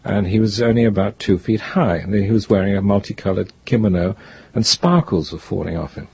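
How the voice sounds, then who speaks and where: An older man, a guest author, telling stories in an interview in a rambling, reflective way with a gravelly, husky voice. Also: lowish voice, a little fast, darkish tone, muffled recording. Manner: rambling, reflective, restarts often. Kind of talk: interview, storytelling.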